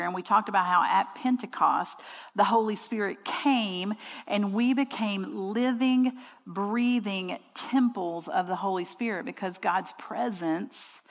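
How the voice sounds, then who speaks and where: A woman teaches a Bible lesson to a group of women, with a gravelly edge to her mid-range voice. She talks in a conversational way, slips in asides and repeats words to drive a point home. Her voice rings out with a long reverb, as if in a large hall. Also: mid-range voice, fairly bright tone. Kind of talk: teaching sermon.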